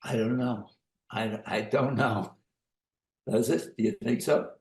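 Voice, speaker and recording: A man, an author, reflecting thoughtfully in an interview, halting with many pauses. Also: mid-range voice, steady tone, darkish tone, reverberant. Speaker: author guest.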